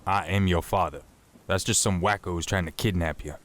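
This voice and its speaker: A man doing a gruff scolding grandpa. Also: deep voice, steady tone, fairly quick, a bit bright. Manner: blunt, insulting. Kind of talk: made-up story told on stream.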